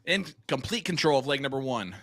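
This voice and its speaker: A man calling a live darts stream as host, talking straight to the chat and rattling off sponsor scripts at speed. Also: medium pitch. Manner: energetic, talks to the chat, plugs sponsors in rapid reads.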